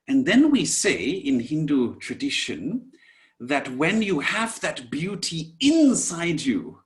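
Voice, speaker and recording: A man teaching an online class in a slow, gentle way, dropping to soft whispers at times and calling his listeners "my dears". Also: a little high. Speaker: Sanskrit teacher.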